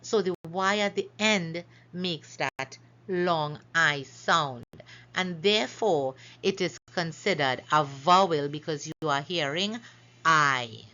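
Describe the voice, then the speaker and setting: Woman teacher doing phonics, slow and careful, bright voice, kinda muffled lo-fi sound. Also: lowish voice. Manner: slow, careful, stretches out example words. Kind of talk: phonics lesson narration over slides.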